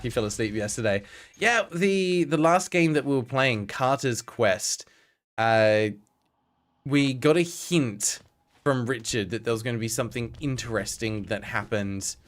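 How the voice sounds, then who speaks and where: A young man with a medium-pitched, fairly bright voice streams a game live, chatting with viewers in casual commentary full of wry asides and the occasional swear word.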